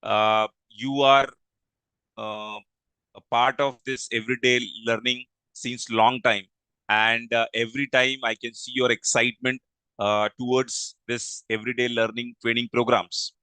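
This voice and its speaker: A man hosting a live online training session on a video call, speaking politely and haltingly and thanking attendees. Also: mid-range voice, level tone, bright, forceful tone, clean tone, no room sound, rough recording. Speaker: webinar host and training manager. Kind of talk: live online class introduction. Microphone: video call microphone.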